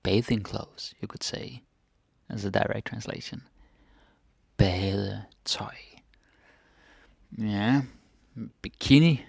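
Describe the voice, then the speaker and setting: A man teaching vocabulary, repeating each word slowly and adding "eh?" after his explanations. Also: fairly low pitch, creaky, darkish tone, husky, no echo, studio quality. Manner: slow, repeats each word, tags phrases with "eh?" and "ikke?". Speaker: Danish language teacher. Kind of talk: language lesson, repeating words with translations.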